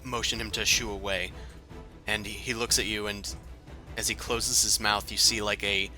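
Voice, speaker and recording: A man's voice: fairly low pitch, normal speed, soft background music. A man running a tabletop game as game master, narrating with lots of fillers. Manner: relaxed narration with frequent fillers.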